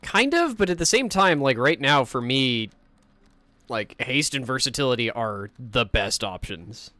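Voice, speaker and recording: A man's voice: mid-range voice, animated, unhurried, bright, forceful tone, dry recording. A man hosting a casual gameplay livestream, chatting in a rambling way and swearing now and then.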